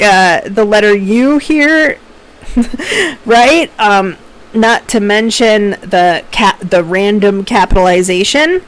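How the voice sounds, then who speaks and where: A woman professor talks through a recorded class lecture. Her voice sits a bit high, and she keeps it chatty and relaxed, with fillers and small laughs along the way. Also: rough recording.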